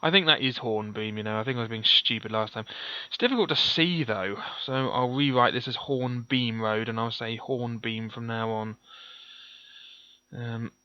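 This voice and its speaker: A man's voice: mid-range voice, moderate pace, bright, forceful tone, clear, resonant tone. Man reading a gamebook with casual asides. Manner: casual, thinks aloud, corrects his own pronunciation. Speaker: gamebook player and narrator. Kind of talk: reading a gamebook aloud with commentary. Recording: dull lo-fi, dry.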